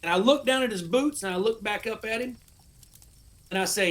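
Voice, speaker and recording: Animated American veteran spinning a profane yarn. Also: male voice, high-pitched, a little fast. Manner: animated, profane storyteller, acts out his old orders. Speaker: podcast guest, army veteran. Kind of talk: casual storytelling.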